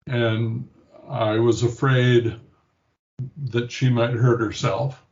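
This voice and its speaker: Older guy telling a family story real slow, muffled lo-fi sound. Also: mid-range voice, little pitch movement, darkish tone. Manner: slow, reflective, acts out quoted voices. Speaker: interview guest, patient. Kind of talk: personal storytelling in an interview.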